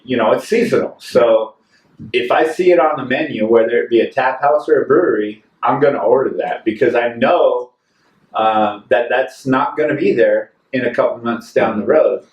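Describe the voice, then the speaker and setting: A man's voice: mid-range voice, moderate pace, muffled recording. A man co-hosting a casual beer-tasting chat, rambling and easygoing. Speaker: podcast co-host. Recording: echoey room, mic far off.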